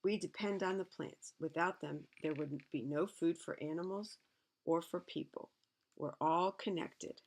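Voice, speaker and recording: A middle-aged woman with a gravelly, creaky voice reads a children's picture book aloud. She keeps breaking off from the text to add chatty asides of her own. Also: on the low side, a little slow, a little mellow. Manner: chatty asides between read passages. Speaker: reader.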